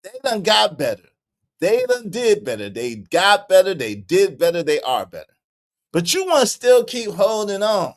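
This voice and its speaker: A man's voice: high voice, moderate pace. A male live stream host who thanks donors and teases his chat, laughing often and repeating himself. His voice swings widely up and down as he talks. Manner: animated, teasing, laughs often, repeats phrases.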